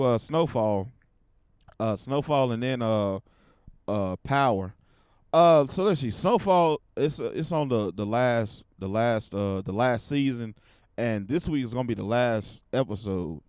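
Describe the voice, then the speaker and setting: A man hosting his own podcast, giving casual commentary in a profane, animated rant. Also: mid-range voice, dry recording, clean studio sound. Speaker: podcast host.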